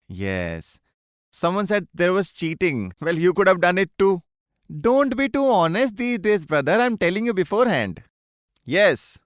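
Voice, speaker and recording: A man leads a live online lesson in a high, bright voice that swings widely in pitch. His tone is smooth and clear, recorded close and dry in a studio. He chats freely and keeps checking in with his students. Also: dry recording. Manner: chatty, repeats greetings and checks often. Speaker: teacher.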